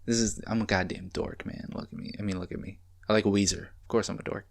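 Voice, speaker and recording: A young man casually reacting to an album at home, rambling and excitable, swearing as he goes. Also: on the low side, quick pace, gravelly. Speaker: music reaction host. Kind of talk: casual music reaction commentary. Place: home, late at night. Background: faint music playing.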